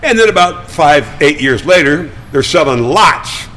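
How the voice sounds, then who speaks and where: An older man talking as a guest, spinning chatty, animated anecdotes with frequent stammered restarts. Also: fairly high pitch, a little slow, a little hiss or hum, poor audio. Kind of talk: casual storytelling. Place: studio.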